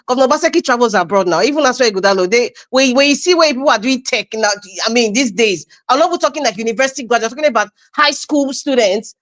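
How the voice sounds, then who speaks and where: A Nigerian woman speaking in a high voice at an online debate. She argues with emphatic scorn and restarts her sentences as she pushes her point. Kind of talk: impassioned political argument.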